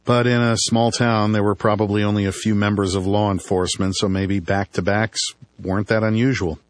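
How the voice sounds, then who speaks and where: Male audiobook narrator, low-pitched, dry and wry. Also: flat delivery, fairly quick. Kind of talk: first-person audiobook narration.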